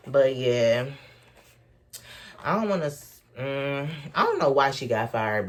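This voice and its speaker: A man's voice: a little high, slight background noise. A young man telling a wild story in a casual storytime vlog, swearing constantly and laughing as he talks. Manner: animated, swears constantly, laughs while talking. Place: indoors at home, sipping a drink.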